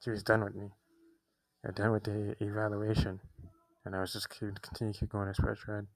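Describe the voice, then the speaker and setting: A man's voice: fairly low pitch, monotone, fairly quick, dry recording, poor audio. A young man telling a personal story, often restarting his sentences, agitated as he recounts what happened. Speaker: vlogger.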